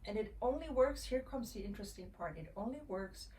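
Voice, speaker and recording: A woman, a mother sharing her own experiences in a gentle, reflective way, often pausing and restarting. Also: mid-range voice, expressive. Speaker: mother sharing parenting tips. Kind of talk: casual personal storytelling. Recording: voice a little far from the mic, faint ambient noise.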